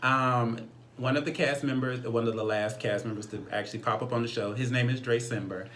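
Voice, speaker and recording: A man's voice: mid-range voice, steady tone, fairly quick, a bit bright, slight background noise. A man co-hosting a casual chat, gossiping animatedly and laughing often. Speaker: podcast co-host and reality show cast member.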